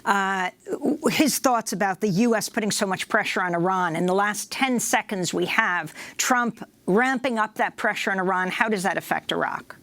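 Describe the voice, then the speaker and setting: A woman's voice: medium pitch, a bit bright, no echo. Woman anchor, dry studio sound. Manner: brisk and direct questioning. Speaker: news anchor. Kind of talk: news interview.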